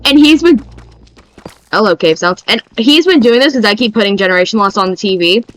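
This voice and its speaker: A young woman streamer chatting casually in an excitable, rambling way. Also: mid-range voice, fairly quick, low-quality recording.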